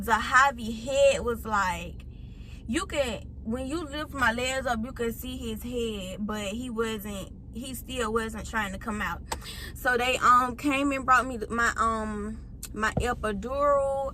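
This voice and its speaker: A young woman in her late teens, a vlogger chatting straight to her viewers through a phone mic as she retells a long personal story with lively feeling. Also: fairly high pitch, a little slow, a little hiss or hum. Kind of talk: casual storytime.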